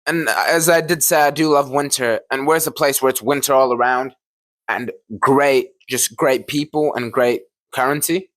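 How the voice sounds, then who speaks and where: A man's voice: mid-range voice, moderate pace, fairly bright tone. A young man co-hosting a casual podcast, joking and teasing, sometimes drawing out his words. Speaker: podcast co-host. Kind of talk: casual chat.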